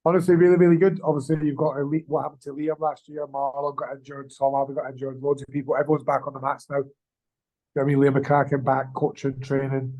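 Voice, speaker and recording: A man's voice: medium pitch, little pitch movement, quick pace, a little mellow, poor audio. A man, an amateur fighter, chatting casually in an interview, rambling and swearing with lots of slang. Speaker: amateur MMA fighter, guest.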